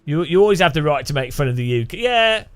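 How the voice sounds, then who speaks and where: A man's voice: on the high side, lively intonation, fast talker, clean tone. A British man streaming a game live, chatting casually in a rambling, jokey way with frequent restarts. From Britain. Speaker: gaming streamer. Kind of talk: casual live gaming chat.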